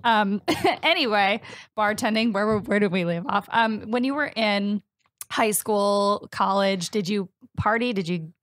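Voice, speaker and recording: A woman's voice: mid-range voice, measured pace, a bit bright, no echo. A young woman hosting a casual comedy podcast, chatty, laughing often and swearing freely. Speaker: podcast host.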